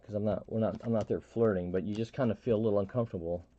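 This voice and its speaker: A middle-aged man hosting a live stream, telling a story in a halting, rambling way with many restarts and fillers. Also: fairly low pitch, fairly even intonation, mellow, lo-fi sound, slight background noise. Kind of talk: casual storytelling chat.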